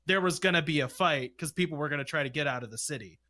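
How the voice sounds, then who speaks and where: A man co-hosting a casual review chat, reasoning out loud in a rambling way. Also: fairly high pitch, fast. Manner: rambling, lots of "like" fillers. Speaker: podcast co-host.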